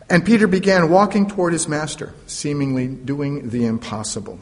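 A man's voice: fairly high pitch, moderate pace, few pauses. A man preaching a sermon, retelling a story dramatically with playful asides. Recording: long reverb of a large hall.

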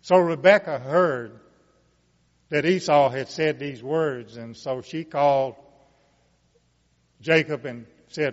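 A man preaching, reading Bible passages aloud and commenting on them in a slow, deliberate way with emphatic rises. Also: fairly high pitch. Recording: muffled sound with long reverb.

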